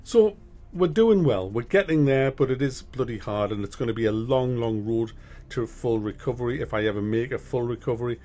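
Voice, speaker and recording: A man's voice: mid-range voice, expressive, a little fast, dark tone. A middle-aged man talks straight to his viewers on his gaming channel. He is chatty and frank, often trips over and restarts his sentences, and swears now and then. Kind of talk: casual monthly update to viewers.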